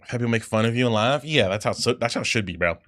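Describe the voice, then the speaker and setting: A man's voice: mid-range voice, animated, fast talker, fairly bright tone, dry recording. A man livestreaming while gaming, chatting casually, reading chat aloud and reacting in a rambling, profane way.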